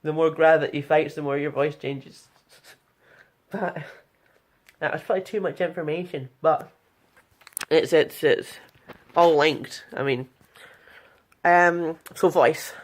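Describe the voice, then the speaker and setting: A woman's voice: deep voice, slow, long pauses. A young woman talking frankly in a casual vlog tutorial, chatty and blunt, with plenty of fillers. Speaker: vlogger.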